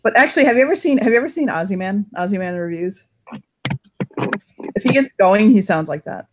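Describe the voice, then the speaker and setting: A woman's voice: mid-range voice, animated, a little fast, background noise. A woman running a tabletop game, narrating in a rambling way with frequent swearing and restarts. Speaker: game master.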